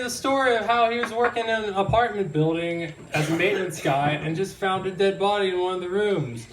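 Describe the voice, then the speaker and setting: A man's voice: high-pitched, a little fast, hardly any pauses, fairly bright tone. A young man performing a stand-up set in a live venue, rambling, giggling and apologizing often. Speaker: stand-up comedian. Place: live comedy venue, audience in room. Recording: roomy live recording from a distance, crowd noise.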